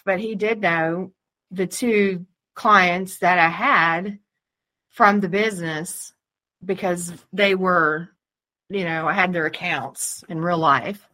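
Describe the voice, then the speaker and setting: A woman's voice: fairly low pitch, steady tone, a little slow, pushed and bright. A woman co-hosting a podcast, telling candid, profane stories in casual chat and laughing often. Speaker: podcast co-host.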